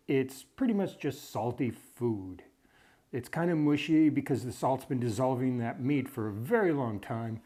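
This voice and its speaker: A man's voice: mid-range voice, warm tone. A man from the Chicago area hosting a home cooking video, talking in a dry, wry, matter-of-fact way. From Chicago area, USA. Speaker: cooking show host.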